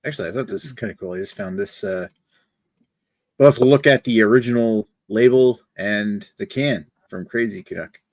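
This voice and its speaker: A man's voice: lowish voice, moderate pace, dry recording. A man chatting casually on a beer podcast, talking through a can and its label. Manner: chatty, reads can copy aloud with a hammed-up Canadian twang. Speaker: podcast panelist reviewing beer. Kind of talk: casual chat.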